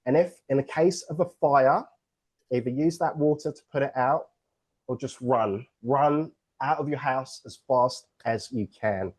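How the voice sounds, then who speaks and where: A man's voice: mid-range voice, measured pace, a little mellow, slightly rough. A man from England with an English accent, hosting an online book launch on a video call in an upbeat, joking, playful way.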